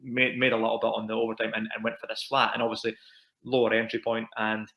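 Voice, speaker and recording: Fast-talking Scottish man, low and flat. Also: dull audio. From Scotland. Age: 30s. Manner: quick, rambling with repeated words. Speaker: property investor guest. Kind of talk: conversational interview storytelling.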